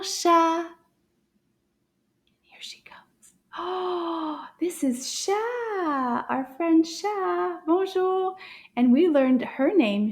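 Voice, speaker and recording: A woman's voice: a little high, dark tone. Sing-song woman teaching kids French. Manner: cheerful, sing-song, slow and exaggerated for children. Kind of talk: kids' language lesson.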